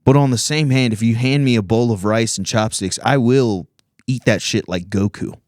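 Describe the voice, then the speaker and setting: A man's voice: mid-range voice, normal speed, a little mellow, dry recording. Profane, laughing male comedian, dry mic. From Virginia, US. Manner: profane, rambling storytelling, laughing often. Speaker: comedian and podcast host. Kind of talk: casual comedy podcast chat.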